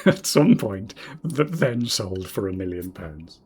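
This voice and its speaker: A man in his forties from Northeast England with a southern English accent, streaming a game in casual commentary, rambling and self-deprecating, muttering quiet asides to himself. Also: medium pitch, expressive, a little slow, creaky, slightly rough. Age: 40s. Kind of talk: casual game commentary while reading chat.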